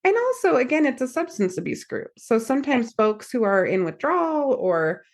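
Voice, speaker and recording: A woman's voice: high voice, moderate pace. A woman therapist and podcast host, telling a story in casual chat and acting out the quotes as she goes. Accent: American. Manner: animated storyteller, acts out quotes.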